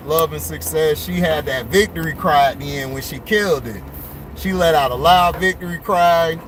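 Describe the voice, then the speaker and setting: Excitable man chatting from his car. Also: sits high, noisy background. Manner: loose, excitable, repeats himself. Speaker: vlogger reviewing a movie. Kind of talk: casual chat while driving. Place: in a car on delivery rounds.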